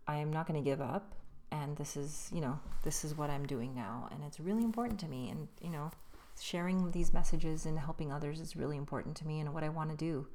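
Woman solo podcast host, low mellow voice, rambling casual storytelling, voice slightly worn. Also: fairly quick, hardly any pauses. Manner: loose, rambling, frequent restarts. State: slightly losing her voice.

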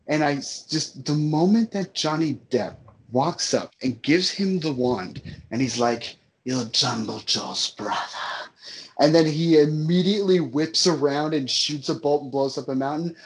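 In a casual rant reviewing a film he didn't like, a man with a voice on the high side speaks at a moderate pace. He swears, hammers his points, and keeps repeating things for emphasis.

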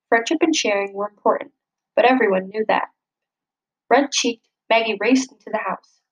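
A woman reading a children's picture book aloud, gently expressive and lifting her voice for the characters' lines. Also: mid-range voice, low-quality recording. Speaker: storybook reader.

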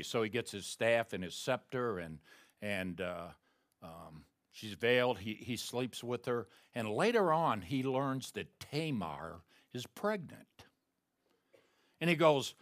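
Animated, bright-voiced male preacher. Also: mid-range voice, measured pace, dry recording, studio quality. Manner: animated storytelling with acted-out quotes; swings from quiet asides to loud emphatic peaks. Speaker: pastor. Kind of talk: sermon.

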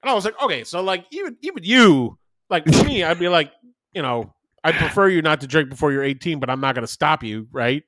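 A man's voice: on the high side, fairly quick, no echo, clean studio sound. A man in his thirties, a podcast co-host, telling stories in casual chat and swearing freely. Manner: animated storytelling, swearing, acting out voices in quotes.

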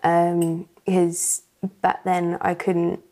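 Woman, church testimony guest, hesitant and filler-heavy, low gravelly tone. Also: completely flat delivery, extremely slow. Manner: hesitant, soft-spoken, many fillers. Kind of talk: personal testimony interview.

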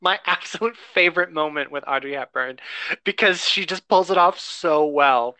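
A man's voice: on the high side, moderate pace, pushed and bright, smooth, no room sound. A man co-hosting a podcast, chatting casually and eagerly about favorite film moments, with a little swearing. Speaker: podcast co-host.

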